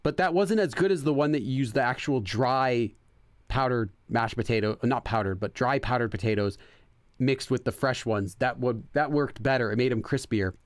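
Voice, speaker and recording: A man's voice: medium pitch, normal speed, no echo. Chatty, rambling male game streamer. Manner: rambling and chatty, many fillers and self-corrections. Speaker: let's play host. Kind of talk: casual gameplay chat, translating game text.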